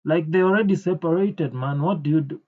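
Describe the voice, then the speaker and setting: A man with a slightly high voice gives indignant reaction commentary, stopping often with fillers. The lo-fi recording sounds dull.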